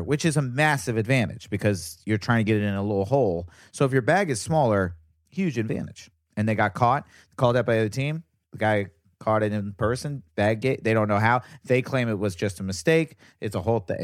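Comedian guest, male, lower voice, rambling excited storyteller, dry close sound. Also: brisk, no room sound. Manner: animated rambling storyteller, repeats words. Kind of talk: casual podcast chat.

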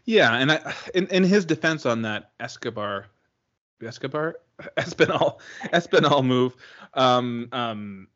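A man co-hosting a sports podcast in casual chat, talking in halting bursts full of restarts and repeated words. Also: mid-range voice, lively intonation, a bit bright, lo-fi sound. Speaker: podcast co-host.

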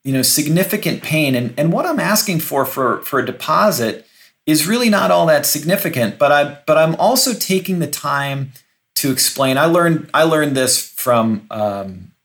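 A man's voice: fairly high pitch, expressive, moderate pace, a bit bright. A middle-aged man, a recruiter, answering interview questions in a conversational way, often restarting and repeating words for emphasis. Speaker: recruiter, podcast guest.

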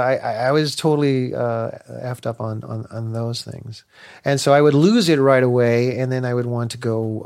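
Frank man telling candid stories. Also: mid-range voice. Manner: frank, animated anecdotes with acted-out quotes. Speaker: interview guest. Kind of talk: candid storytelling interview. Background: music.

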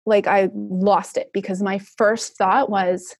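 A woman in her thirties, a guest telling an emotional personal story in an animated way, with many "like" fillers. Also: medium pitch, takes it slowly, no room sound, clean studio sound.

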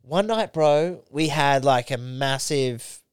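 Young man, podcast co-host, casual swearing storyteller, smooth voice, dry close sound. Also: medium pitch, takes it slowly, no room sound. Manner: laid-back, swears freely, storytelling. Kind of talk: casual banter.

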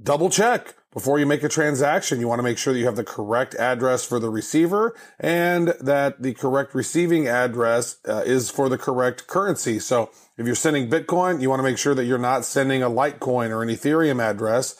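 A man's voice: medium pitch, a little fast, few pauses. A man co-hosting a casual podcast, talking in an easygoing, hesitant way with many fillers. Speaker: podcast co-host.

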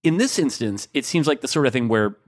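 A man co-hosting a sports podcast in casual chat, rambling and animated with many fillers. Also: mid-range voice, a little fast, dry recording. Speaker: podcast co-host.

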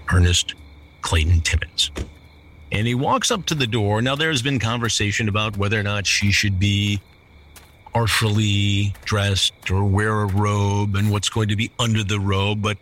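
Lively, indignant male podcast host. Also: fairly low pitch. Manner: indignant, incredulous commentary; reads chat logs aloud. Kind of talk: true-crime podcast narration.

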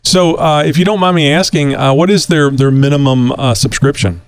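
A man's voice: on the high side, moderate pace, smooth. Chatty man hosting with lots of fillers. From Texas. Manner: relaxed, rambling, many fillers. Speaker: podcast host. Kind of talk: casual talk show hosting.

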